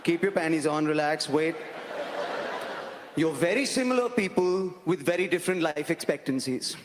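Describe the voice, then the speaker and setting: High-voiced Indian man doing stand-up. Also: expressive, moderate pace. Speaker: stand-up comedian. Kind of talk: stand-up comedy set. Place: large live comedy venue. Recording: reverberant hall with live audience and noise.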